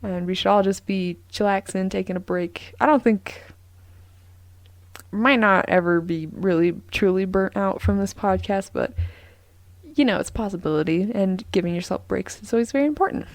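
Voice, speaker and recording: A woman's voice: medium pitch, moderate pace, dry recording. A young woman hosting a casual solo podcast, rambling with lots of ums and restarts. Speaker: podcast host.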